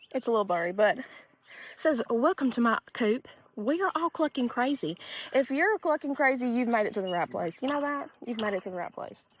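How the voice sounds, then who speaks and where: A woman's voice: high voice, fairly bright tone. A young woman giving a chatty, upbeat walk-around tour of her farm, filmed outdoors on a handheld phone. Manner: chatty, upbeat, says "y'all" constantly. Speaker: homesteading vlogger. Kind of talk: casual walk-around vlog. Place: outdoors on a farm, by coops and garden. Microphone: handheld phone, no tripod.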